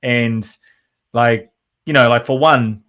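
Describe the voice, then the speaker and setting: A drummer chats as a podcast guest in long, loose runs, restarting his sentences and stacking fillers. His pitch sits in the middle for a man. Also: fairly even intonation, takes it slowly, fairly bright tone, clean tone. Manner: rambling, many fillers and restarts. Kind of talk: casual interview chat.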